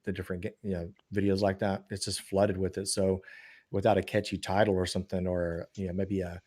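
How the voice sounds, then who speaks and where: A middle-aged man gives advice on a live gaming stream, halting and circling back with "you know." His voice sits on the low side. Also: flat delivery, darkish tone. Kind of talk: casual stream chat.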